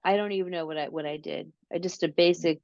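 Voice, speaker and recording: A woman being interviewed, telling a long story slowly and casually, with many fillers and restarts. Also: on the low side, fairly even intonation, darkish tone, dry recording. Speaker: interview guest, paranormal researcher. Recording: dull lo-fi audio.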